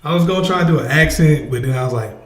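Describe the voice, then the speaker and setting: Energetic man hosting a live chat, roomy echo. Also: on the high side, very fast. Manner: energetic, urging viewers to interact. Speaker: livestream host. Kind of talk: casual live chat with viewers.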